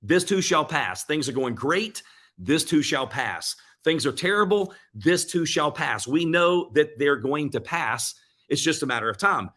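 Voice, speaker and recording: A man giving an earnest motivational talk, retelling comeback stories with quick bursts and frequent restarts. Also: on the high side, fairly bright tone. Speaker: motivational speaker.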